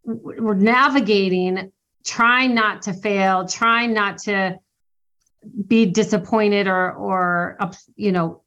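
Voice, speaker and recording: A woman's voice: medium pitch, steady tone, slow pace, fairly bright tone, muffled recording. A woman author speaking as an interview guest, earnest and motivational, acting out her own inner dialogue as she talks. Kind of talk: interview conversation.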